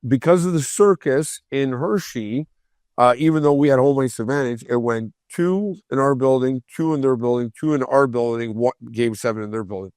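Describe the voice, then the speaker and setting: A man, a former pro hockey player, telling profane, animated stories as a podcast guest and acting out other people's voices. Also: mid-range voice, normal speed, no room sound, clean studio sound. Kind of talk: casual storytelling on a podcast.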